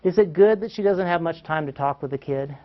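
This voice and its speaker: A man's voice: fairly high pitch, brisk, muffled recording. A man presenting a parenting workshop, questioning the audience and acting out quotes with chuckles. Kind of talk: lively classroom-style teaching talk.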